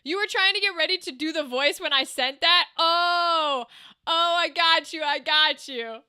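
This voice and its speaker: A woman's voice: very high-pitched, measured pace, bright, forceful tone. A woman streamer chatting casually with her live audience, swearing freely and laughing often.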